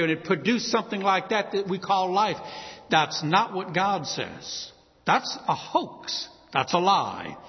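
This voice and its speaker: Emphatic high-voiced preacher in a big hall. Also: male voice. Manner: emphatic, rising to bold declarations. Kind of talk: sermon. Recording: dull, muffled sound in a large reverberant hall.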